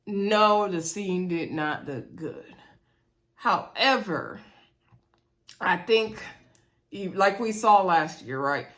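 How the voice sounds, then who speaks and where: A woman's voice: mid-range voice, lively intonation, takes it slowly, long pauses, fairly bright tone. Woman reviewer, chatty recap vlog, talks to viewers like friends, medium voice. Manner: chatty, addresses viewers as y'all, laughs often.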